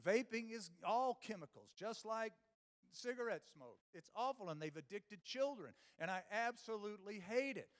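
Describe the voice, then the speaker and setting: High-voiced man telling keynote stories. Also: animated, moderate pace. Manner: storytelling with quoted dialogue and rants. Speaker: keynote speaker. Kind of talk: humorous conference keynote. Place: conference stage before a live audience.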